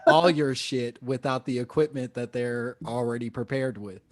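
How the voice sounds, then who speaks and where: A man's voice: medium pitch, moderate pace. A man in his thirties, a comedian guest telling stories in casual chat and acting out quotes. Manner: animated, acts out quotes.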